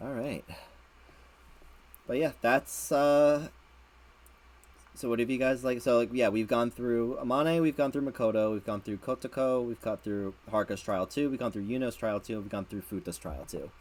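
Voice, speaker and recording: A man's voice: mid-range voice, normal speed, a little mellow. A man hosting a casual late-night stream chat, rambling and repeating words, laughing often. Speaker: streamer host.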